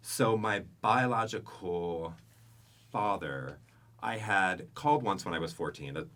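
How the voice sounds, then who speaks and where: Low-voiced man telling candid stories. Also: animated, unhurried, a bit bright. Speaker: guest. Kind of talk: casual podcast interview.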